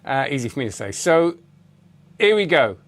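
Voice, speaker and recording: A man's voice: medium pitch, very animated, normal speed, a bit bright. A middle-aged British man hosting a magic review channel, chatting casually and rambling while greeting viewers by name. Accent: British English. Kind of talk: casual live-stream chat.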